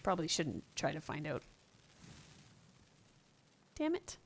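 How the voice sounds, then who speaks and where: Lively chatty woman streamer. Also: deep voice, takes it slowly, a little hiss or hum. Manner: chatty, giggly, reacts loudly to the game. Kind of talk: live gameplay commentary.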